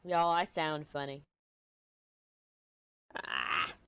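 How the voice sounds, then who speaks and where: A middle-aged Texan woman with a fairly low voice talks casually over her craft work, recorded dry and close on a desk mic. She rambles from one topic to the next, swears now and then, and sounds a bit stuffy-nosed. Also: moderate pace, dry recording. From Texas. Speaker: craft vlogger. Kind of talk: casual chat while crafting.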